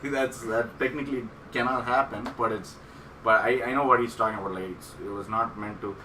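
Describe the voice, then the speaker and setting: A man's voice: medium pitch, steady tone, a little fast, bright, forceful tone, reverberant, distant mic, a little hiss or hum, rough recording. A man co-hosting a casual podcast, telling a long stand-up story with many fillers and laughs. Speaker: podcast co-host, comedian.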